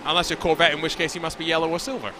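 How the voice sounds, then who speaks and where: A man's voice: a little high, rapid-fire. A man commentating a sim racing broadcast, joking with his co-host as he calls the action. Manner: lively, joking banter with co-host. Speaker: race commentator. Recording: background race car noise.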